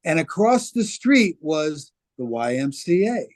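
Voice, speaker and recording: A man's voice: fairly high pitch, sing-song, unhurried. Guy chatting in an interview, lots of uhs, reminiscing about old days. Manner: rambling recollection with many fillers. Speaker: interview guest, former record company worker. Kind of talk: casual interview conversation.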